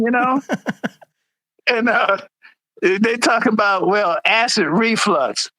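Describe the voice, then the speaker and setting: Here a former Air Force supervisor, now a middle-aged veteran guest, swaps casual stories with plenty of animation, jumping up in pitch each time he quotes someone. His pace is slow with long pauses, captured on a low-quality recording without echo.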